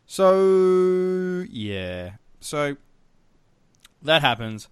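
A man's voice: fairly low pitch, steady tone, moderate pace, fairly bright tone, smooth, no echo, studio quality. A man hosting a podcast, laid-back and laughing easily as he retells a film plot. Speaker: podcast host.

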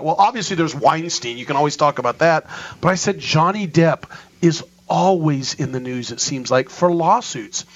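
A man's voice: a little high, highs cut off. A man hosting a casual radio panel, rambling and chatty as he tells stories. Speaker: radio show host.

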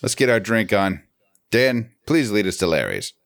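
A man's voice: on the low side, big pitch swings, normal speed, vocal fry, fairly bright tone, no room sound, clean studio sound. A man co-hosting a podcast in casual chat, swearing freely and laughing often. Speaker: podcast co-host.

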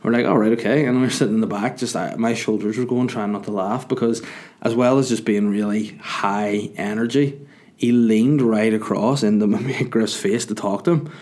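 A man's voice: on the low side, fairly even intonation, normal speed, darkish tone. A young man telling a casual, jokey, rambling story to camera. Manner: rambling, jokey, self-mocking. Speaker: vlogger.

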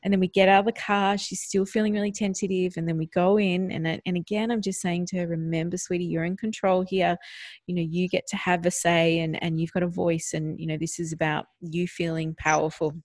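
A middle-aged woman tells a family story on a podcast in a gentle, unhurried way. Her voice sits low, and the recording is dry and close, with no room sound. She lifts her voice now and then to act out her child. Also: flat delivery, no room sound. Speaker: podcast co-host. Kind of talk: casual storytelling on a parenting podcast.

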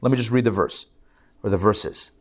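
A man's voice: on the low side, normal speed. A man teaching a live scripture class as a rabbi, speaking conversationally with fillers and restarts.

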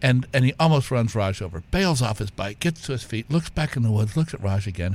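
Man telling an animated story. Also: mid-range voice, a little fast. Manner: animated anecdote-teller with fillers and restarts. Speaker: guest, whiskey company co-founder. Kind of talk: conversational storytelling.

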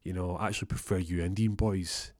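A man voicing a frantic, grateful young gang leader, loud and pushy. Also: low voice, steady tone, a little fast, dry recording, studio quality, close to an everyday voice.

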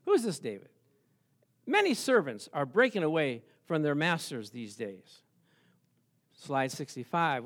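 A man with a high speaking voice preaches a sermon. He tells the story in an animated way, throwing rhetorical questions at his listeners and chuckling as he goes. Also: a little slow, long pauses. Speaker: pastor.

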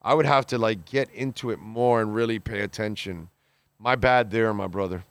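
A man's voice: fairly low pitch, smooth, no echo. A man hosting a podcast, reading listener comments and reacting in blunt, exasperated casual chat, swearing freely and restarting his sentences. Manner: halting restarts, many fillers.

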